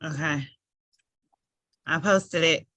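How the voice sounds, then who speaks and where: Bright, low-pitched enthusiastic woman host. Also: slow, no echo. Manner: enthusiastic, laughs often, repeats "love it". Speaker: host of the mentorship program. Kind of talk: casual chat with guest.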